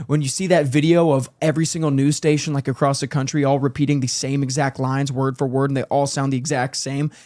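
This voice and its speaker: A man's voice: medium pitch, level tone, quick pace, hardly any pauses, a little mellow, no echo. A young man co-hosting a casual talk show, blunt and emphatic, wearing headphones at a studio mic. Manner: blunt, emphatic, laughs easily. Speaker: podcast co-host.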